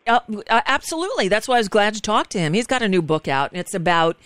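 Woman radio host, smooth clear voice, dry close sound, chatty and frank, quick restarts. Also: medium pitch, very animated, fairly bright tone, no room sound. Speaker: guest host of a radio talk show. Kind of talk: casual radio conversation.

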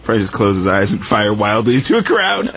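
Guy with a lowish voice riffing dry sarcastic jokes on a radio show, dull lo-fi sound. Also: very animated, brisk. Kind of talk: casual radio banter.

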